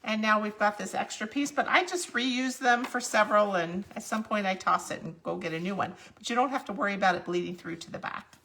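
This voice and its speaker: A woman's voice: medium pitch, a little fast, sharp tone. A woman hosting a live crafting tutorial, chatting through each step as she works. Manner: chatty, explains each step while working. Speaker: crafting demonstrator.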